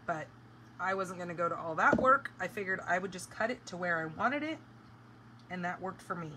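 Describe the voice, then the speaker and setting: A woman's voice: on the low side, lively intonation, a little fast, background noise. A woman hosting a live craft tutorial, chatting casually and explaining each step as she works. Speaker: craft demonstrator.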